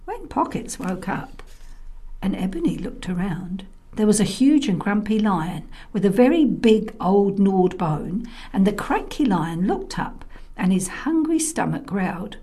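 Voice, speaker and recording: A woman storyteller narrating a children's tale, expressive and often dropping to a soft whisper. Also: mid-range voice, measured pace. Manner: softly whispered in places, expressive.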